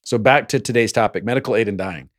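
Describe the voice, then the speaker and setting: A man's voice: on the low side, quick pace, no room sound. A man hosting a solo podcast, speaking into a close mic in a playful way with jokey asides. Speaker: podcast host.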